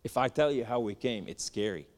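A man from the Middle East giving a spoken testimony, telling his story with animated, emphatic lists. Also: medium pitch, a little fast. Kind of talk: testimony sermon. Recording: long hall reverb.

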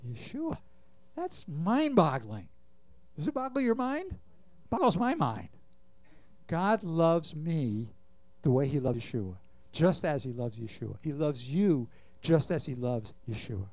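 Guy preaching a sermon, kinda high voice, asks the crowd stuff, dry sound. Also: sing-song, unhurried, darkish tone, no echo. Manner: earnest preaching, asks the congregation questions. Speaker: pastor.

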